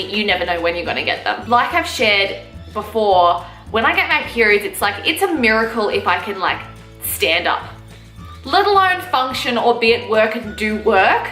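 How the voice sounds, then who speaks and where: A woman's voice: medium pitch, bright, forceful tone. A young woman vlogger telling a story in a chatty, casual way, full of fillers and laughing at herself. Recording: echoey room with faint music.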